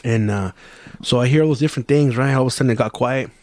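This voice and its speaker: A man's voice: mid-range voice, fast, darkish tone, dry recording. A young man hosting a podcast who tells a story in loose, profane casual chat and drops Spanish phrases into his English. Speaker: podcast host.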